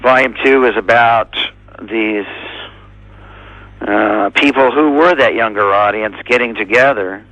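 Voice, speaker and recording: A man being interviewed as a drummer, speaking in an easygoing, halting way with lots of fillers. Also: lowish voice, a bit bright, no room sound, low-quality recording. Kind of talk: casual interview answers.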